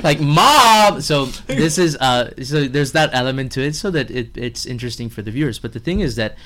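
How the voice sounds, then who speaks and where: Animated, laughing chef telling stories. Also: male voice, medium pitch, fairly quick. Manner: animated storyteller, acts out others' lines, laughs often. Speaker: chef guest. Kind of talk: casual podcast chat.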